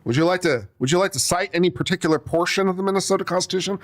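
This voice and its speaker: This man, an attorney acting as commentator, reads a legal brief aloud and dismantles it with sarcastic, fed-up remarks, occasionally coughing. He speaks fast in an animated voice that sits high with a fairly bright tone.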